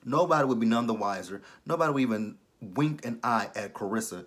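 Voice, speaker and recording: A man giving a blunt, profane, sassy casual recap of a TV episode, swinging between loud outbursts and low asides. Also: animated, brisk. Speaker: TV episode reviewer.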